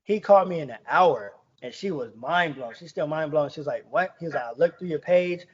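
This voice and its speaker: A young man tells a story on a podcast in easy slang, slipping into the voices of the people he quotes. His voice sits a little high for a man. The recording sounds dull and lo-fi. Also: expressive, a little fast, slightly rough. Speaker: guest chef. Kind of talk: casual podcast chat.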